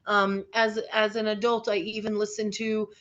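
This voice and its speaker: A woman's voice: medium pitch, little pitch movement, moderate pace, a bit bright. A woman teacher leading an interactive online lesson for teens. She is upbeat and encouraging and often checks in with the group. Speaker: teacher leading a teen workshop. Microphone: video call. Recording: slightly dull online call audio.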